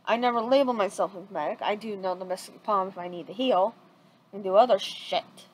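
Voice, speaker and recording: A woman's voice: medium pitch, a little fast, lightly acted, poor audio. A woman voicing a cocky, gleefully ruthless young boy ninja, speaking bluntly in a retold fan story. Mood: matter-of-fact. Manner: blunt, matter-of-fact.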